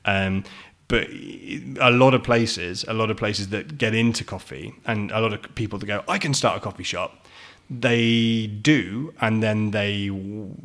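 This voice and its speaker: A man's voice: on the low side, measured pace, fairly bright tone. An English man, a coffee shop owner, explaining at length in a casual podcast chat, with many fillers and restarts. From England.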